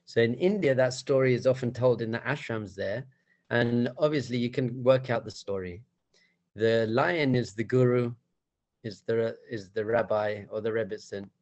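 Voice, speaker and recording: A rabbi tells a story to his group in an animated, playful way. His voice has a gravelly, creaky texture at an ordinary middle pitch. He moves easily between narrating and teaching. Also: moderate pace, rough recording.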